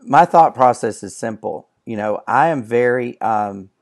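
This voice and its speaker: A man co-hosting a casual talk show, speaking earnestly and haltingly, often restarting his sentences. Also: mid-range voice, expressive. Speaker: co-host. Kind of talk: casual chat.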